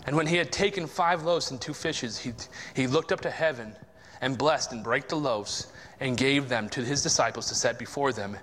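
A man's voice: mid-range voice, moderate pace, fairly bright tone. A man preaching a sermon in a conversational, informal way, reading from the Bible. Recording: long hall reverb.

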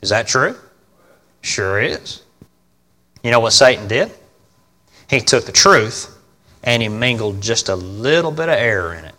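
A man preaching a sermon in a folksy, emphatic way, often asking his congregation questions and swinging between loud and quiet delivery. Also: mid-range voice, very animated, measured pace, pauses often. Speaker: pastor. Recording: long reverb of a large hall.

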